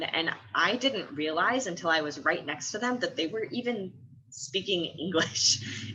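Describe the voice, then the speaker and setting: A woman's voice: low-pitched, bright, forceful tone, a little hiss or hum, low-quality recording. A woman in her twenties from the American Midwest, chatting casually in a vlog and laughing often between phrases. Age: 20s. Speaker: study abroad student.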